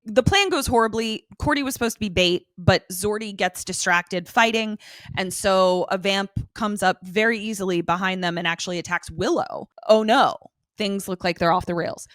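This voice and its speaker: Podcast co-host, female; animated, swears freely, dry close mic. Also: medium pitch, no echo. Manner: animated, profane, quick asides. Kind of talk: casual recap chat.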